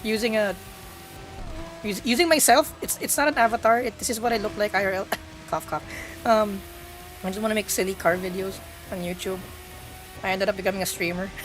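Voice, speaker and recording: A woman's voice: mid-range voice, brisk, pauses often, music in the background. A young woman, chatting playfully to her live-stream audience while gaming and laughing often.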